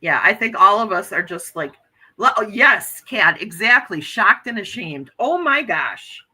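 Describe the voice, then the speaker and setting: Bright-toned American woman chatting casually. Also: mid-range voice, expressive, unhurried, breathy edge, rough recording. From United States. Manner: chatty, earnest, reads viewer comments aloud. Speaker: livestream host reading chat. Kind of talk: casual chat.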